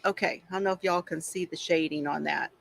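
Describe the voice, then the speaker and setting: A woman's voice: low voice, fairly even intonation, fairly quick, vocal fry. A middle-aged woman hosting a craft livestream, chatting casually and confidingly while she colors, with frequent sighs. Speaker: craft channel host.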